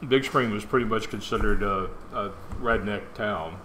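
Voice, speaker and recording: A man in his sixties leading a church Bible study, talking in a relaxed, rambling, folksy way. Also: lowish voice, moderate pace. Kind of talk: casual group Bible study talk. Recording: noisy room recording.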